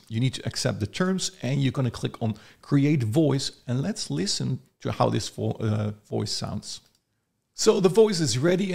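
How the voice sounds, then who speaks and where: A man casually demonstrating software, chatty and thinking aloud. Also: medium pitch, creaky, breathy edge. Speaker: software reviewer. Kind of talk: casual screen-recorded tutorial.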